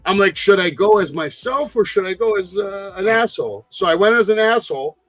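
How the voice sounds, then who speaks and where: A man co-hosting a casual podcast chat, telling profane stories that often rise to excited shouting. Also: sits high, brisk, dry recording, faint music behind. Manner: loud, profane storyteller, gets excited and shouty. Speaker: podcast co-host.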